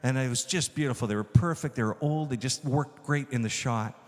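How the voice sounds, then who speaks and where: A man, a filmmaker, telling animated stories to an audience and acting out the dialogue. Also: mid-range voice, brisk, long reverb tail. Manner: enthusiastic, acts out dialogue. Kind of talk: animated storytelling talk.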